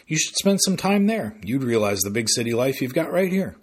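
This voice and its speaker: A man voicing a middle-aged mother who gently chides her children. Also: medium pitch, big pitch swings, fairly quick, slightly rough, voice pushed up. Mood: chiding. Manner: gently chiding.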